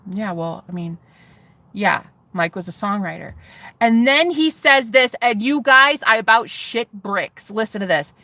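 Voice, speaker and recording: A woman telling a story to her viewers in a casual vlog, excitable and swearing freely as she talks straight to them. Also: medium pitch, measured pace. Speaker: vlogger.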